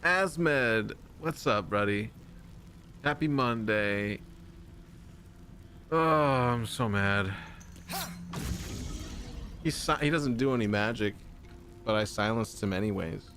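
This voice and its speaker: A man's voice: on the low side, slow pace, long pauses, a bit bright, a little hiss or hum. A young man giving casual, jokey commentary while streaming a game, mock-angry and full of silly made-up words.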